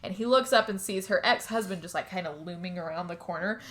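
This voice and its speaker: A woman co-hosting a podcast, recapping a film's plot in casual chat, animated, laughing often and swearing freely. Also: lowish voice, fast talker. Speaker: podcast co-host.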